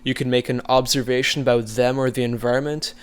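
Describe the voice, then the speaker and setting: A man coaching viewers in a casual, conversational way, relaxed and easygoing, with frequent fillers. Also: mid-range voice, fast talker, smooth. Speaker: social skills coach. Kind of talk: casual instructional talk.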